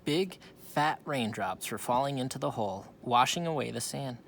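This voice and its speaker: A man's voice: medium pitch, expressive, normal speed, gravelly, fairly bright tone, slight background noise. A man reading a children's storybook aloud, with small slips he corrects as he goes. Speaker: reader.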